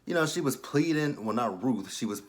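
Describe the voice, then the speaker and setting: Young guy ranting through a tv episode recap at home, lots of cussing, does little voices for the characters, middle-pitched voice. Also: normal speed. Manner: animated, profane, acts out the characters' lines. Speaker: TV episode reviewer. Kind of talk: casual recap and commentary.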